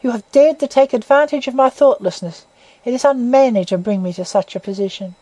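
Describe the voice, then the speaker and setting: Reader doing a young woman in agony, agitated, voice pitched up, close and dry. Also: brisk, warm tone, dry recording, close to an everyday voice, low-quality recording. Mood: indignant. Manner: agitated and tearful. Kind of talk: audiobook reading.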